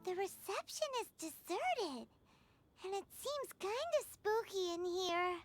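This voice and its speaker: Paimon, a squeaky floating fairy. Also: female voice, very animated, slow pace, over loud music, exaggerated voice. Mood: excitable. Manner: refers to herself in third person, bold and jumpy. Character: tiny floating fairy companion, excitable and cheeky.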